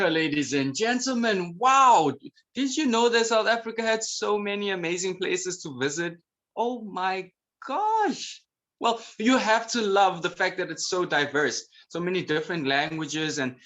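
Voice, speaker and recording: A man's voice: on the high side, fairly bright tone. Upbeat man hosting an event. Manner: exclamatory, playful quizzing. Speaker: event host. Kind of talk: enthusiastic emcee patter.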